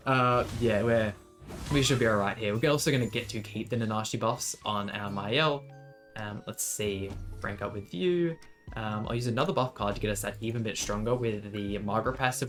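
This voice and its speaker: A man talks his way through a game match, thinking aloud and rambling, often restarting mid-sentence. His voice sits at an ordinary middle pitch. Soft music plays quietly behind him. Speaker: gaming video creator. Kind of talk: casual gameplay commentary.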